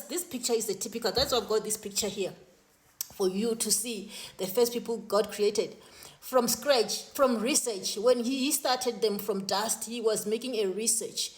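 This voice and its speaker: Earnest woman recounting visions. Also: on the high side. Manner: earnest, with frequent restarts and repeated words. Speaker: spiritual vlogger recounting visions. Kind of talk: personal testimony to camera.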